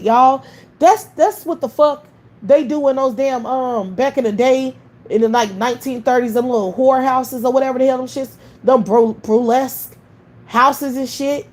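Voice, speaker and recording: A woman's voice: high voice, moderate pace, darkish tone. A woman hosting a livestream, ranting in a heated, blunt and profane way. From United States. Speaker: livestream host. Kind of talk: livestream rant.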